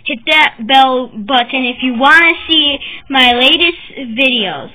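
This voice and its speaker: A woman hosting a casual vlog, chatting and rambling as she shows her drawings, with the hiccups and bursts of excitement. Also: high voice, measured pace. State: has the hiccups. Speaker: channel host showing her drawings. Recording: tinny phone-like sound with faint noise.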